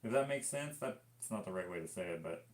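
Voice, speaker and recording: A man's voice: low-pitched, animated, a little fast. A man from Canada painting on a live stream, reading viewer comments aloud and chatting in a rambling, easygoing way that keeps interrupting itself.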